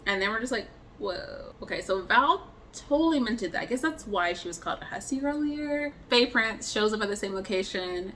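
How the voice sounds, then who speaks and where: A woman's voice: mid-range voice, expressive, fairly quick, few pauses, a bit bright, a little hiss or hum. A young woman giving a casual review, retelling scenes in a chatty way with lots of "like" fillers. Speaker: book and film reviewer.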